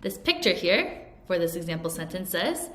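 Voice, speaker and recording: A woman's voice: on the low side, very animated, moderate pace, reverberant. A woman teacher giving an English vocabulary lesson, who explains each word and has learners repeat sentences after her.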